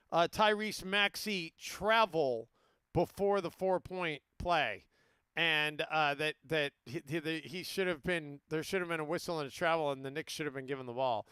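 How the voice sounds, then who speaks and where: Bright, crisp-voiced sports radio host. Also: male voice, fairly high pitch, unhurried, dry recording, clean studio sound. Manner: rambling, self-interrupting, many restarts. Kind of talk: casual sports talk radio.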